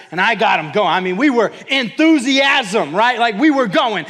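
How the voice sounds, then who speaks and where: A man with a fairly high voice leads a mental performance workshop. He tells a story with a lot of energy and puts on the voices of the people in it. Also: fast talker, few pauses. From New Mexico, US. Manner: animated storytelling with quoted voices. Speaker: mental performance coach and pastor. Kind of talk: workshop talk. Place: church hall, live audience.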